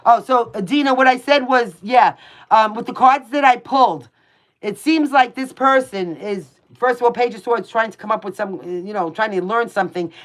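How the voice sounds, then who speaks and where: A woman's voice: a little high, moderate pace. A woman with a New York accent giving casual, blunt tarot readings on a livestream, chatting with viewers by name and swearing freely. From Brooklyn, New York.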